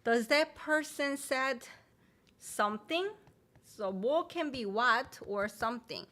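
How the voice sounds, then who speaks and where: A woman's voice: a little high, animated, normal speed, sharp tone. A woman teaching phrases in a live stream, mixing English explanations with examples and reading out viewer names. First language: Korean. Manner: mixes English and Korean, repeats example phrases; reads viewer names and comments aloud. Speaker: Korean language teacher. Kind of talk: live-streamed language lesson.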